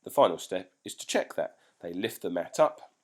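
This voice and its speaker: A man's voice: deep voice, very animated, moderate pace, darkish tone. A male teacher patiently explaining a home routine to parents, step by step.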